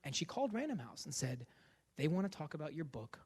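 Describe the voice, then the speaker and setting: High-voiced man telling comic stories. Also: fast talker, breathy edge. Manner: animated, jokey, acts out quoted voices. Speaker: guest lecturer and author. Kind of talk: comedic lecture storytelling.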